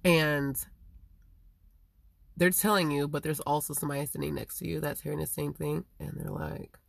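A woman with a low, gravelly voice delivers a rambling, profane monologue. She swings from loud, emphatic bursts to low mutters. The sound is dry and close, with no room echo. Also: level tone, moderate pace.

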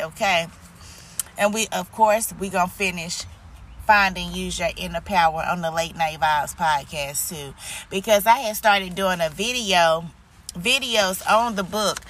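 A woman's voice: fairly low pitch, fairly bright tone, slight background noise. A woman hosting a faith-based motivational podcast, preaching to her listeners and checking in with a frequent "okay?". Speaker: podcast host.

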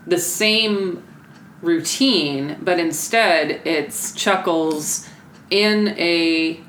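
A woman's voice: on the low side, drawn-out words, a bit bright, roomy sound, a little hiss or hum, low-quality recording. A woman hosting a podcast, chatting casually about a film and acting out scenes in quoted voices. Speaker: podcast host. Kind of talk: casual chat recapping a film.

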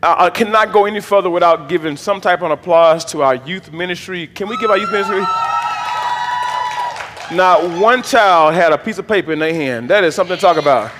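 A man's voice: high-pitched, brisk, big-room sound, crowd noise, background noise. A man, the bishop of his church, preaching a sermon with call-and-response and folksy jokes to the congregation. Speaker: pastor, bishop. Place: church sanctuary.

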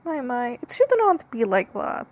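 A woman's voice: on the high side, very animated, measured pace. A woman whose first language is Punjabi, hosting a podcast in a rambling comic monologue, speaking in a theatrical put-on foreign accent and drifting into musing. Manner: musing, drifting between jokes and philosophy. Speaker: podcast host.

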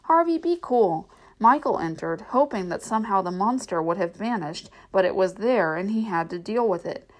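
A woman reading a novel aloud as narrator, in steady storytelling. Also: mid-range voice, normal speed, few pauses, rough recording. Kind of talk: audiobook reading.

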